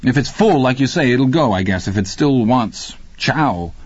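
A man's voice: medium pitch, lively intonation, moderate pace, husky, no room sound, lo-fi sound, pitched above the performer's own voice. A man voicing a frightened but sardonic bookish teenage boy. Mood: shaken wry. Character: shaken bookish teenage boy, wry and nervous.

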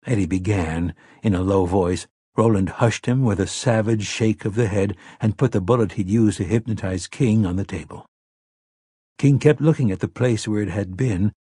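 A man reading an audiobook as narrator, measured and unhurried. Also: lowish voice, warm tone, breathy edge, no room sound, clean studio sound. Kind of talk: scripted narration.

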